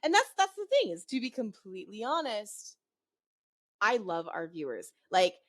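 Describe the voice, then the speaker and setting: A woman's voice: medium pitch, very animated, normal speed, no room sound. An American woman with a mixed American accent co-hosting a gaming podcast, talking in a rambling, enthusiastic way. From United States. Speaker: podcast co-host. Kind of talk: casual chat.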